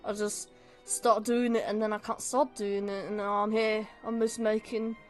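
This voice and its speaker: A woman's voice: mid-range voice, flat delivery, normal speed, soft background music. A young woman streamer chatting casually, telling a rambling story and laughing often. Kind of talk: casual chat while drawing on stream.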